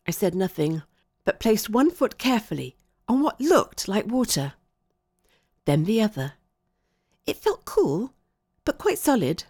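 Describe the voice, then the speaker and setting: A woman narrating a first-person story in a clear, expressive way. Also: mid-range voice, a little slow, pauses often, no room sound, clean studio sound.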